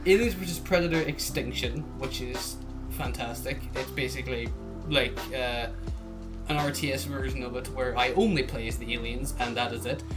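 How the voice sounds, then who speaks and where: A man's voice: mid-range voice, normal speed, over music. Rambling young man, casual chat. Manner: rambling, chuckling, trails off into mumbles. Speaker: podcast co-host.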